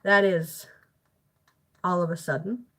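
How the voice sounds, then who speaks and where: A woman's voice: lowish voice, fairly even intonation, slow pace, fairly bright tone. A girl in her late teens, talking to herself at home in a rambling, self-deprecating, chatty way while doing homework. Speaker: vlogger.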